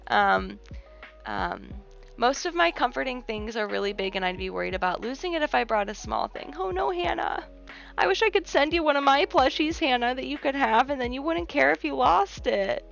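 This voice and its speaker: Gentle, chatty young woman streamer. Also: sits high, animated, moderate pace, vocal fry. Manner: gentle, reassuring, chatty with many fillers. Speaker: livestream host. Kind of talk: casual chat reading viewer comments. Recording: muffled lo-fi stream audio with faint music. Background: faint background music.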